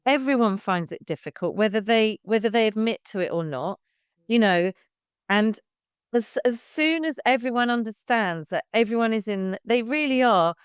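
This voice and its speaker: A woman's voice: fairly high pitch, expressive, normal speed, clear, resonant tone, no echo, clean studio sound. A woman in her fifties, a baby music class leader, chatting frankly as a podcast guest and swearing casually. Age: 50s.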